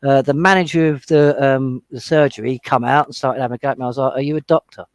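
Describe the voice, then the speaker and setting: A man on a panel discussion, talking fast and heatedly as he retells his own run-ins in casual chat. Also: mid-range voice, steady tone, no room sound. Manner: heated, retelling confrontations with quoted exchanges. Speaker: panel guest.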